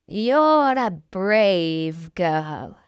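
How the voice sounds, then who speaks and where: Storybook beast, male, stern and gruff, read by a woman; lowered, deliberate lines. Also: sing-song, no echo, highs cut off, exaggerated voice. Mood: gentle.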